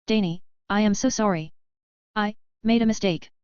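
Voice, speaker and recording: A woman's voice: medium pitch, normal speed, a little mellow, smooth, no room sound, muffled recording, natural voice. A woman reading a guilt-ridden young warrior who speaks with remorse and pleads. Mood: pleading.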